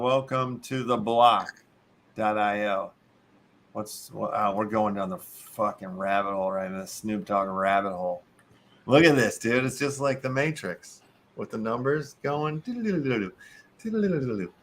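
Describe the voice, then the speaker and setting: A man's voice: medium pitch, fairly bright tone. A man with a Chicago accent hosting a casual show, reading articles aloud, cursing and tripping over long words. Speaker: show host.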